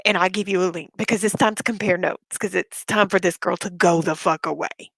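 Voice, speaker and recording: Gravelly-voiced woman ranting on a live stream. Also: fairly low pitch, steady tone, fairly quick, dry recording. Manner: blunt, profane, fired-up. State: sick with covid, short of breath. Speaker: livestreamer. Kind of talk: casual live-stream rant.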